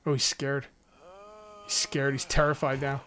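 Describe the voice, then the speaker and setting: Excitable man joking through gameplay. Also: medium pitch, unhurried, slight background noise. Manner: excitable, jokey, taunts enemies. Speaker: let's play host. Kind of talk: casual gameplay commentary.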